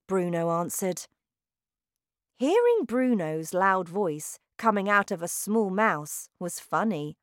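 A woman narrating a children's storybook in a slow, clearly articulated scripted reading. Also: mid-range voice, big pitch swings, no room sound, clean studio sound.

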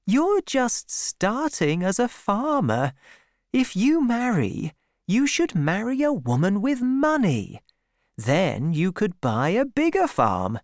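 A man's voice: sits high, huge pitch swings, no echo, studio quality, voice pushed up, exaggerated voice. A man putting on a firm young woman farmer. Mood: firm refusal. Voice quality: raised, lighter voice. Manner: firm, slow and deliberate. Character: proud young woman farmer, refusing a suitor.

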